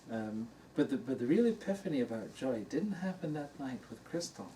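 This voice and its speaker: A man's voice: mid-range voice, big pitch swings, moderate pace. Older man telling a story from a distance. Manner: warm anecdotal storytelling, laughing at his own story. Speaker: dharma teacher. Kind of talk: storytelling talk to an audience. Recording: distant mic in a room with faint noise.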